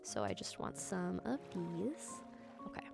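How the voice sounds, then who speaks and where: A woman giving relaxed, soft-spoken commentary while playing a building game, at times squealing with excitement. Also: lowish voice, measured pace, vocal fry, faint music behind. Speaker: gaming commentator.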